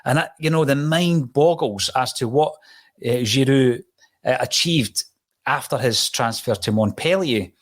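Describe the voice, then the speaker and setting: A man hosts a football podcast with a relaxed, chatty way of telling stories. His voice sits at an ordinary middle pitch. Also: measured pace. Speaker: podcast host. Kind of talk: casual chat.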